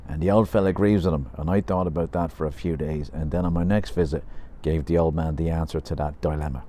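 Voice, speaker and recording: A man's voice: a bass voice, steady tone, brisk, few pauses, dark tone. A man with an Irish accent narrating a story in a dry, conversational way. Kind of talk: audiobook narration.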